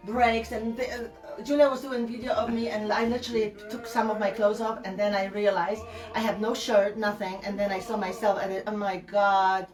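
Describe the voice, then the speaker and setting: A woman's voice: medium pitch, little pitch movement, normal speed, few pauses. Chatty middle-aged woman, distant mic, music. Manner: chatty, talks to viewers while demonstrating. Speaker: furniture painter hosting a live stream. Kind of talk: casual live-stream chat while working.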